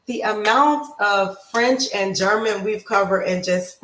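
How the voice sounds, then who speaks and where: Chatty upbeat woman streaming live, slow pace. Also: a bit bright, reverberant, low-quality recording. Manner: chatty, upbeat, greets viewers by name and drifts off topic; slows down to pronounce foreign words with bursts of high pitch. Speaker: lifestyle and nutrition livestream host. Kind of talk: casual livestream chat.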